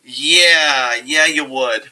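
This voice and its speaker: Excitable, profane man reviewing wrestling. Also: on the high side, extremely slow, slight background noise, rough recording. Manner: excitable, profane, laughs a lot. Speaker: podcast co-host. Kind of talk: casual wrestling review chat.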